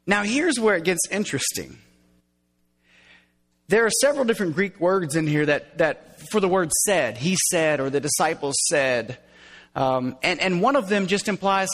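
A man preaching a sermon, explaining scripture in an animated way and dropping to hushed tones as he acts out quoted lines. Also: high-pitched, moderate pace, big-room sound. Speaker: pastor.

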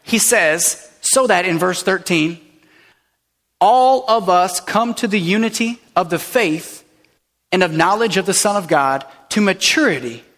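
Male pastor, high voice, casual playful sermon delivery, long hall reverb. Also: a bit bright. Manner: playful, conversational preaching with asides to a baby. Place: church sanctuary.

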